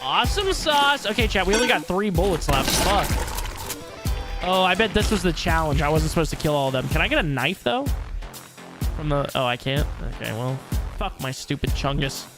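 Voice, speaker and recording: A man streaming a video game live, talking to his chat with loud excited outbursts and lots of swearing. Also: on the high side, moderate pace, over music. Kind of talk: live gameplay commentary.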